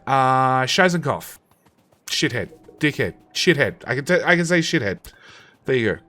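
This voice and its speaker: A male streamer in the middle of a casual live broadcast, talking to chat at an ordinary pitch. He rambles, restarts his sentences and trails off, mixing self-mocking jokes with offhand profanity. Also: very animated, moderate pace, pushed and bright, faint music behind.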